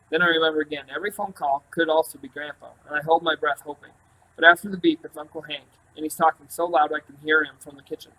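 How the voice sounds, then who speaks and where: A man reading a first-person novel aloud in a calm, even storytelling voice. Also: a little high, fast, rough recording. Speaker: audiobook narrator. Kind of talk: first-person audiobook narration.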